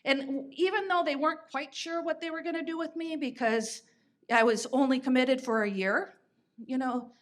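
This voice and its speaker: A woman's voice: high voice, steady tone, moderate pace. A woman in her fifties, a podcast host telling stories in a chatty way, with fillers and restarts. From United States. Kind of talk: conversational storytelling.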